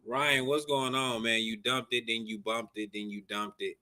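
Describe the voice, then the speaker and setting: A man's voice: mid-range voice, fairly even intonation, normal speed, bright, forceful tone. Laid-back man hosting a music review stream. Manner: loose, profane, laid-back slang. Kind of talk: casual livestream chat.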